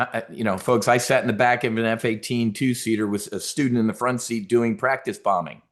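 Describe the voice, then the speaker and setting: A middle-aged man hosting a trading show, telling stories in a rambling, animated way with many fillers. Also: medium pitch. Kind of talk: casual livestream talk.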